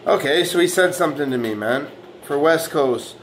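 Guy ranting and trash talking, cussing every other word, kinda high pitched, faint hiss in the back. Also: lively intonation, moderate pace. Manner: boastful, aggressive, profane trash talk; argumentative, repeating "man" and "right". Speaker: fitness vlogger. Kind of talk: profane reaction rant.

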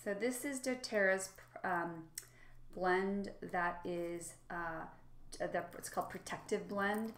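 A woman's voice: medium pitch, slow pace, a bit bright, reverberant, slight background noise. A middle-aged woman vlogger demonstrating products in a chatty, enthusiastic way, with frequent fillers. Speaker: lifestyle vlogger.

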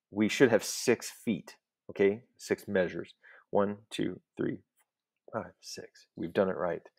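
A man's voice: fairly low pitch, gravelly, darkish tone. A man teaching a recorded Latin lesson, explaining step by step in a patient voice and often checking in with "okay?".

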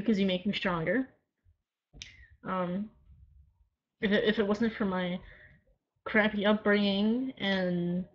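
A woman's voice: medium pitch, dull audio. A woman in her early twenties ranting defiantly to camera in a casual vlog, sarcastic and rambling with many restarts. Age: 20s. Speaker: vlogger. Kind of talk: casual talking-to-camera rant.

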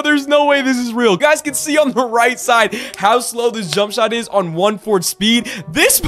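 High-voiced excitable young gamer guy. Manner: excitable, swearing, trash talk, pleads with teammates. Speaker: gaming YouTuber. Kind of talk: live gameplay commentary.

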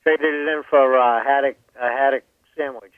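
A man's voice: mid-range voice, steady tone, moderate pace, no room sound, phone-quality sound. Chatty man with a Maine accent. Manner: folksy, chatty storyteller. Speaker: guest. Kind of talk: casual storytelling chat.

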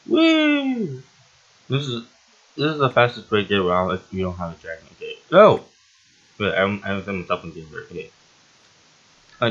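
A man giving casual, excitable let's-play commentary as the host of a gaming channel, rambling and often yelping or laughing. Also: fairly low pitch, lo-fi sound.

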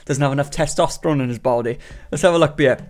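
A man's voice: a little high, fast talker. A man hosting a reaction commentary, sarcastic and ranting, breaking into laughter often. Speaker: commentary host.

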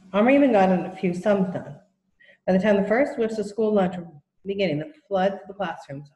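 A woman reading a children's novel aloud as narrator, in a steady, plain storytelling manner. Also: mid-range voice. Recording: roomy echo.

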